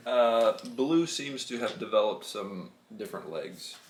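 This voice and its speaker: A man's voice: fairly low pitch, lively intonation, a little slow, hardly any pauses. A man, a father hosting a LEGO build video, chatting upbeat and teasing with his young son at home. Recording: echoey room with background noise.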